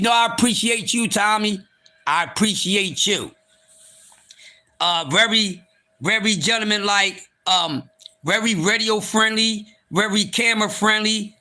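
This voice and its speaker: A man with a high, bright, sharp voice hosts a live stream and rants with blunt, profane energy. He moves between calm, smooth talk and loud, shouting bursts, repeating himself for emphasis. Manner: animated, swings from calm to shouting. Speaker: livestream host.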